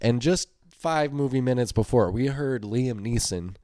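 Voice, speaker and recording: A man's voice: medium pitch, measured pace, mellow, dry recording, studio quality. Guy on a movie podcast ranting, blunt opinions, loose chatty delivery. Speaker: podcast co-host. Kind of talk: casual chat.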